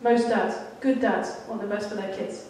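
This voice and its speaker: A woman's voice: medium pitch, steady tone, normal speed, a little mellow. A woman giving a sermon, telling a candid, self-deprecating story about her childhood. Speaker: church speaker. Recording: echoey hall, mic at a distance.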